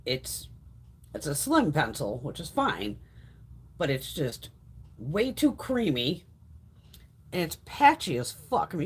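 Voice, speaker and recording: A woman with a low, husky voice hosts a casual beauty livestream, reading viewer comments and offering blunt, heavily profane opinions. She chats and rambles, frequently restarting her sentences.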